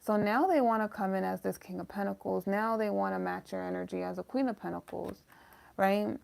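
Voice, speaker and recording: A woman's voice: medium pitch, steady tone, fairly quick, creaky, darkish tone. A woman giving a casual, emotional tarot reading, talking straight to her viewers with some swearing. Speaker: tarot reader.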